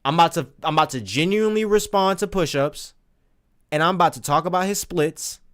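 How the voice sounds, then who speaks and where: A man giving casual, profane commentary as a streamer, breaking into recited lines with big swings in pitch and loudness. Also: brisk. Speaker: streamer discussing rap lyrics.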